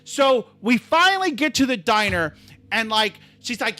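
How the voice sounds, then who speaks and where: A man hosting a live stream, telling a story in an animated, exasperated way, swinging from calm to yelling. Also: high voice, a little slow, no room sound, faint music behind.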